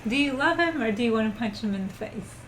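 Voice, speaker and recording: Bright-voiced woman cracking quick jokes. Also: a little high, expressive, a little hiss or hum, rough recording. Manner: quick, joking comments between bits of narration. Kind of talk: casual chat during a game stream.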